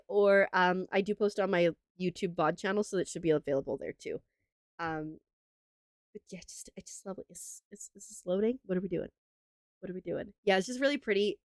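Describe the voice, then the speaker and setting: A woman's voice: mid-range voice, dry recording. A young woman streaming a game, chatting casually to viewers in a gushing, emotional way with lots of fillers, close on a desk microphone. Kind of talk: casual livestream chat while playing.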